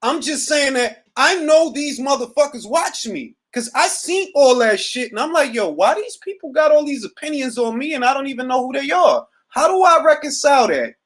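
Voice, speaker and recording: A man's voice: extremely high pitch, moderate pace, hardly any pauses. A middle-aged man hosting a boxing talk show, ranting profanely and casually on a livestream from home. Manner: profane, animated, riffing. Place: at home, seated.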